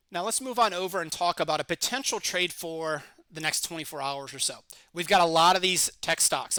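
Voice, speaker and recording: A middle-aged man teaching options trading over a chart screen share, explaining in a confident, steady way and asking rhetorical questions. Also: fairly high pitch, no room sound. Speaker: trading educator. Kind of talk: screen-share market lesson.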